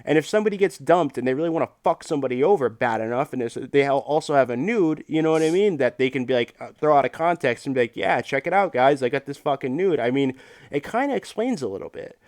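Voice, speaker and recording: A man's voice: mid-range voice, expressive, a little mellow, no echo, clean studio sound. A man hosting a livestream, ranting in casual, profane chat full of fillers. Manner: profane, rambling, fast-talking rant. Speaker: livestream host.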